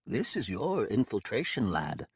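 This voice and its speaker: A man voicing an elderly grandfather who speaks low, slow and dry, with a wry edge. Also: huge pitch swings, breathy edge, dry recording, heavily acted. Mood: gruff.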